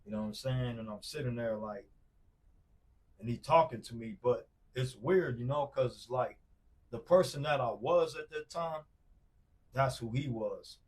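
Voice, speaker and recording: A man's voice: mid-range voice, moderate pace, a little mellow. A man from Wisconsin in his forties, a podcast guest telling a story in loose, slangy casual talk full of fillers. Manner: loose, slangy, many fillers and repeated "bro". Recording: distant mic.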